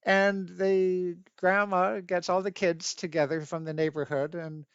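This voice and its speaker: Brief: older Canadian man, course instructor, fairly high voice, loose and meandering, dull dry webcam sound. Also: level tone, unhurried, clear, resonant tone, dry recording. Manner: rambling, conversational, self-correcting. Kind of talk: personal storytelling for an online course.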